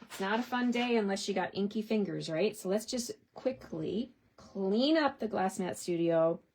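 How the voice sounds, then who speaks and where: Chatty and giggly, a woman from Canada talks to her viewers while working through a casual card-stamping tutorial as a stamping demonstrator. She speaks at a medium pitch and moderate pace, animated and a little mellow.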